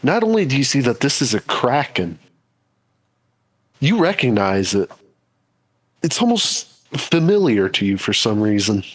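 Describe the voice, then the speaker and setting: A man narrating a tabletop game as game master in slow, descriptive speech over a voice call. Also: mid-range voice, sing-song. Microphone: voice call microphone.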